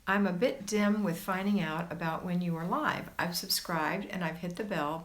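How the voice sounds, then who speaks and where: A woman hosting a casual livestream, reading viewer comments aloud and reassuring her viewers in a chatty way. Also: mid-range voice. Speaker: homemaking livestream host.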